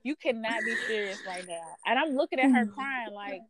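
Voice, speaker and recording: A woman hosting a podcast, telling a workplace story in a blunt, profane, sassy and animated way. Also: on the high side, moderate pace, crowd noise. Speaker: podcast host. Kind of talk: casual storytelling rant.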